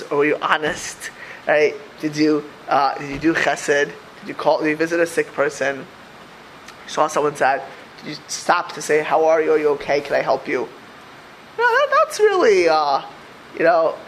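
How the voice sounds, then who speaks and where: A man's voice: fairly high pitch, fairly bright tone, a little hiss or hum. A man giving an informal religious talk to a small group. He rambles with many restarts and mixes Hebrew and Yiddish terms into his speech. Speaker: religious teacher.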